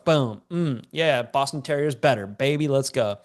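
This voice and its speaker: A man's voice: medium pitch, normal speed. A man teaching a live-streamed business class, a bit congested, talking in a casual, joking, slangy way to viewers in a chat. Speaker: online business coach.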